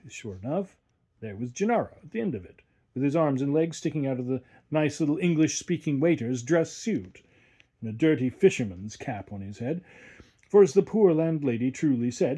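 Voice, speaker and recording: A man giving an expressive storytelling reading, narrating a classic short story aloud. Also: mid-range voice, husky. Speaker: audiobook reader. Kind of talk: scripted narration.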